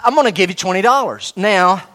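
A man preaching a sermon, animated, with sudden soft drops and slow, emphatic repetition of key phrases. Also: sits high. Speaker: pastor.

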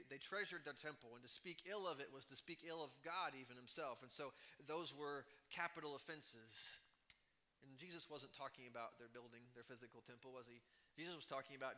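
Bright-voiced man preaching a sermon. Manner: earnest, builds to emphatic rises then drops low. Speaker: pastor.

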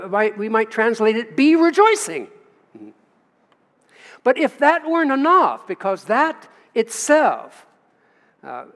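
Man, American accent, pastor, emphatic sermon, high-pitched, long church reverb. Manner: emphatic preaching with long pauses and rising stresses. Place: church sanctuary. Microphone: livestream from the pulpit.

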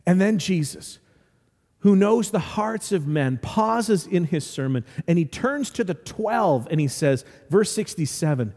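A pastor giving a lively, conversational sermon, acting out scenes as he goes. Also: high voice, a little slow, long reverb tail.

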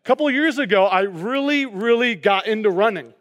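A man's voice: high voice, expressive, brisk, fairly bright tone, in a large hall. A man preaching a sermon as pastor, casual and joking, often checking in with the congregation with "okay?".

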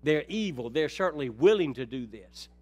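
Preacher man swinging soft to loud. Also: animated, moderate pace, no room sound. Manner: swings from soft and low to loud and high when stirred; addresses listeners as brethren. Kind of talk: sermon.

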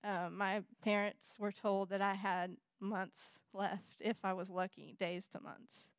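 A woman giving a personal testimony to an audience, earnest and halting, correcting herself and apologizing as she talks. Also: medium pitch, flat delivery, clean tone, no echo. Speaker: speaker sharing personal testimony. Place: presentation with slides in front of an audience.

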